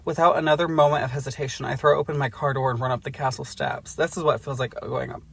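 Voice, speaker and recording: A man's voice: mid-range voice, steady tone, fast talker, gravelly, fairly bright tone, slightly rough. A man co-hosting a podcast, reading a book aloud for comedy with joking asides. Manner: joking asides, breaks into laughter. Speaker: podcast co-host.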